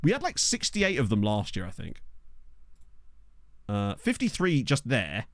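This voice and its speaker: A male game streamer chatting casually with his viewers over a desk microphone, thinking aloud as he goes. His pitch swings around a lot, and the recording is dry and close with almost no room sound. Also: huge pitch swings, a little slow, dry recording.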